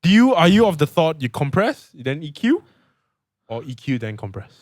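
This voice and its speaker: A man hosting a podcast in casual interview chat, asking questions and giving quick affirmations. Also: a little high, sing-song, darkish tone, no room sound, clean studio sound. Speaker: podcast host.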